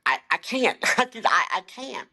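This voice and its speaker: A woman in her forties, a life coach, speaks with a bright, tense tone and a gravelly fry at the edges. She talks with emphatic, heartfelt conviction about her faith. Now and then she seems close to tears. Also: a little high, sing-song, moderate pace. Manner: emphatic and heartfelt, sometimes holding back tears. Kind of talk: candid faith-filled interview talk.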